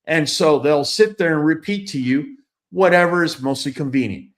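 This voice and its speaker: This man's voice is strikingly high as he spins a casual, loose story. Blunt about what he thinks and quick to swear, he delivers it all with animated emphasis.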